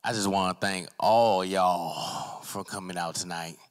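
A young man doing a loose, rambling open mic stand-up set, acting out characters in loud voices. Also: sits low, fairly even intonation, measured pace, smooth. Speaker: stand-up comic. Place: small arts center stage with a live audience.

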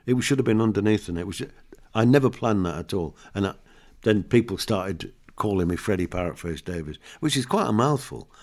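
Older comedian guest, low and animated, a chatty storyteller acting out gags. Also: male voice, a little fast, hardly any pauses. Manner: chatty storyteller, laughs often, acts out jokes. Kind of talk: anecdotal interview chat.

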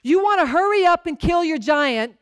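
An expressive woman pastor tells her sermon as a conversational story at a moderate pace, frequently turning to the congregation. When she acts out short lines of dialogue, she lowers her voice. It's a dry, studio-quality recording.

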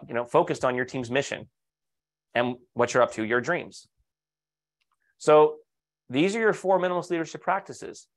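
A man presenting a leadership webinar in an upbeat, persuasive way, at an ordinary middle pitch. He speaks straight to his audience, asking rhetorical questions and sharing client stories. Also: fairly bright tone. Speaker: leadership coach presenting to architects.

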